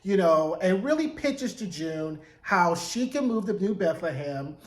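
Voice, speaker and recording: A man giving a chatty, animated recap of a TV episode, acting out the characters' lines. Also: sits high, measured pace. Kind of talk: casual recap commentary. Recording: echoey room.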